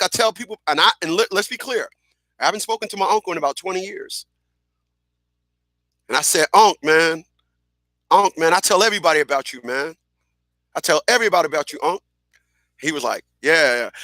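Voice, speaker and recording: A middle-aged man hosting a radio show, telling stories in a casual, animated way, repeating phrases and acting out what people said. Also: a little high, normal speed, pauses often, dry recording, studio quality. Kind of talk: casual storytelling monologue.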